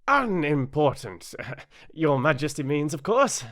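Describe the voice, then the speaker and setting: A man with a British accent voicing a fussy, nervous male rabbit courtier in a high, fluttery voice for an audiobook. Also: very animated, takes it slowly, fairly bright tone, dry recording, studio quality, full character voice. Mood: anxious, fussy. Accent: British English. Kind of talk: audiobook character voice.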